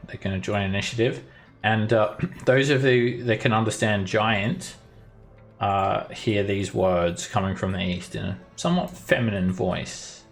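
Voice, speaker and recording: Brief: male dungeon master, lowish voice, loose descriptive narration. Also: takes it slowly, faint music behind. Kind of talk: narrating a tabletop game.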